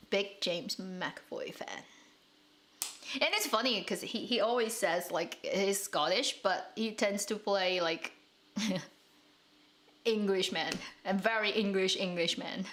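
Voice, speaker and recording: A woman's voice: mid-range voice, slow pace, long pauses, fairly bright tone, slight background noise. A woman from China hosting a casual live stream, chatting and answering comments with frequent laughs and restarts. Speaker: drama channel host.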